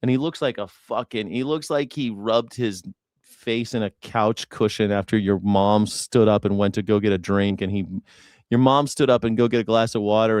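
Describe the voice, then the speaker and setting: A man's voice: on the low side, darkish tone, no room sound, studio quality. A man hosting a news reaction show, ranting sarcastically with profanity.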